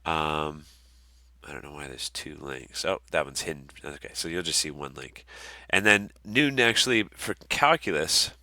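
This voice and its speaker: A young man with a very low, bright-edged voice, walking students through an online course in a casual, relaxed way full of ums and uhs. He sounds like an instructor talking into a computer mic. The sound is dry and close, with no room echo. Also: moderate pace. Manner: relaxed, many ums and uhs, friendly asides. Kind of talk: casual recorded course walkthrough.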